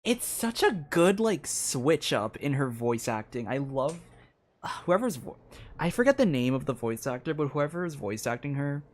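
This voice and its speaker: A young woman streamer giving chatty, excitable commentary while she plays a game. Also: rumbling low, moderate pace. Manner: chatty, excitable, laughs often. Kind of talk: gameplay commentary.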